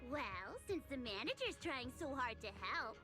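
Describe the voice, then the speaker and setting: Game voice: steady young idol, high and animated, over game music. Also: female voice, moderate pace. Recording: game audio under music.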